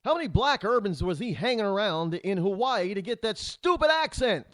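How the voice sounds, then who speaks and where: Man, talk radio host, rambling indignant monologue, animated pitch, dry studio mic. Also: normal speed, no echo. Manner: rambling, restarts often, indignant rhetorical questions.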